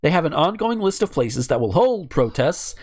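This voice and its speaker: Man ranting about the news, lively. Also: on the high side, moderate pace. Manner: ranting, profane, sarcastic asides. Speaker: podcast host. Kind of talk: casual podcast chat, reading news stories.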